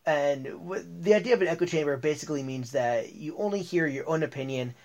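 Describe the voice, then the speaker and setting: A man's voice: fairly high pitch, brisk, a little mellow. A man hosting a motivational podcast, talking in an upbeat, chatty way with a few fillers and restarts. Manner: upbeat, reads ads and tells jokes with restarts and fillers. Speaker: podcast host.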